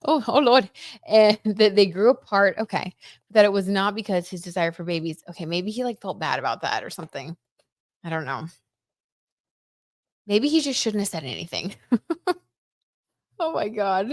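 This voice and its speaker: A young woman hosting a casual live-stream tarot reading, chatty and excitable, reading out viewer comments and reacting with frequent exclamations. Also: medium pitch, moderate pace, dry recording, studio quality. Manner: chatty and excitable, lots of "oh my god" and "like".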